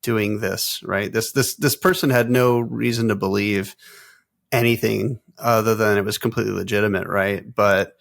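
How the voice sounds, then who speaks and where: A man's voice: on the low side, fairly even intonation, moderate pace, vocal fry, a bit bright, dry recording, studio quality. A man co-hosting a tech podcast, talking in a rambling, casual way with many restarts and fillers. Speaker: podcast co-host. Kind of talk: casual chat.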